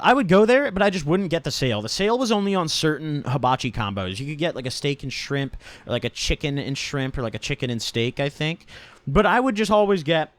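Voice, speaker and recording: A man's voice: a little high, dry recording. A young man telling a casual storytime in a slangy manner, swearing often and tagging lines with "right?" and "dude". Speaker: vlogger.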